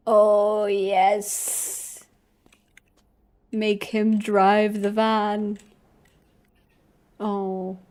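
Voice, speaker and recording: A young woman streaming a game, chatting casually, giggling and squealing often. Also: mid-range voice. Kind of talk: casual gameplay commentary.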